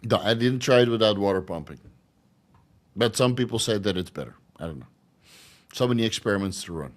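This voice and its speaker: A man hosting a casual livestream Q&A, rambling and crude, laughing often and filling pauses with ums and uhs. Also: on the low side, lively intonation. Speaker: channel host answering live chat questions.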